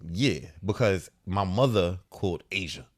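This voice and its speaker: A man in his thirties, a podcast co-host telling a story in casual chat, animated and laughing often as he acts out the voices. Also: low voice, measured pace.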